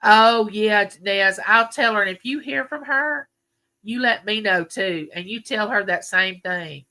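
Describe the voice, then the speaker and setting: A woman's voice: medium pitch, measured pace, bright, forceful tone. An older woman, chatting folksily with viewers on her live stream and reminiscing as she goes. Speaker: livestream host. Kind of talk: casual live chat with viewers.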